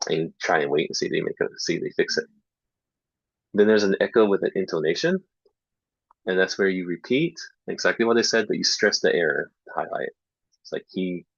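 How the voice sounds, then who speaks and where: Relaxed male teacher trainer, gravelly and low, chatty with fillers, muffled dry lo-fi sound. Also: no room sound. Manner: relaxed, filler-heavy, demonstrates errors by repeating them. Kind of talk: casual online teaching talk. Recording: dull lo-fi dry online recording.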